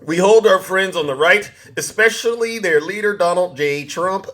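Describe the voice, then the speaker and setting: A man with a high voice hosts a social media livestream. He boasts theatrically, chuckles often and stops to greet viewers by name. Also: lively intonation, moderate pace, few pauses, fairly bright tone. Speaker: livestream host. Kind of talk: TikTok live commentary.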